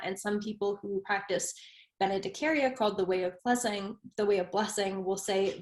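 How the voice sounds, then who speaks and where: A woman's voice: medium pitch, fairly quick. American woman rambling through a casual chat, mid voice, echoey room. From United States. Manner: rambling, self-interrupting, laughs often. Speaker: guest practitioner.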